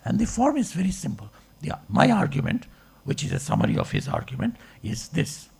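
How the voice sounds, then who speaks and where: A man's voice: medium pitch, wildly swooping pitch, fairly quick, creaky, darkish tone, husky. A man, a philosophy professor, giving a discursive public lecture and checking in with the audience with rhetorical questions. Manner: discursive, asks rhetorical checks like okay and right.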